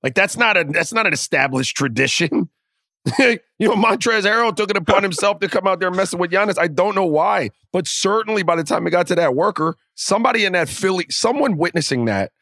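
A man's voice: high voice, lively intonation, a little fast, pushed and bright, no echo, studio quality. Emphatic man arguing sports opinions. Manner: opinionated, emphatic, with many restarts. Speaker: podcast co-host. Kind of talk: casual sports chat.

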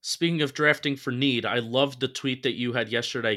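A man's voice: mid-range voice, fairly even intonation, brisk, hardly any pauses, pushed and bright. A man with a Philadelphia accent, co-hosting a casual sports podcast in a playful, easygoing way. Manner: playful, laughs easily. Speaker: podcast co-host.

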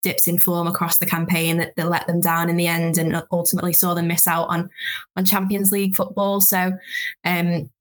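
A woman football journalist on a podcast panel, talking through her analysis quickly and thinking aloud. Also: on the low side, monotone. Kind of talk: casual chat.

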